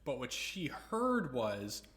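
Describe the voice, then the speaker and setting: A man's voice: mid-range voice, huge pitch swings, slow, a bit bright. A man co-hosting a podcast, chatting casually with jokey, self-mocking quips. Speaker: podcast co-host. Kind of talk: casual chat.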